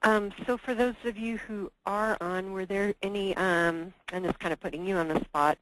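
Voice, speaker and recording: A woman's voice: mid-range voice, fairly even intonation, moderate pace, low-quality recording. A woman leading a conference call discussion, hesitant and full of fillers and restarts. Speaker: meeting presenter.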